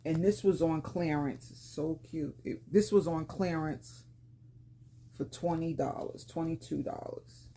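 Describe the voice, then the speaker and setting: A lifestyle vlogger in her fifties from Brooklyn, New York, speaks at a measured pace in a deep, dark voice that's rough and slightly raspy, with a Brooklyn accent. She chats casually with viewers about her shopping haul, plain-spoken and slangy, and a little hiss or hum is audible.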